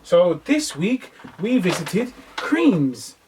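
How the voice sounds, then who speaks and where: A young man, co-hosting a podcast in casual chat, telling stories in lively slang. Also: high voice, extremely slow, far from the mic, a loud crowd, poor audio. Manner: slangy, animated storytelling. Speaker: podcast co-host.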